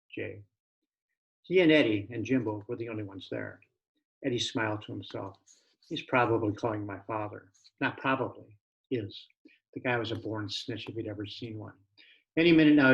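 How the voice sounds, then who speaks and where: A man reading his own novel aloud with a gravelly, creaky voice at a middling pitch. The recording sounds dull and lo-fi. His narration stays plain and steady. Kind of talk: audiobook narration.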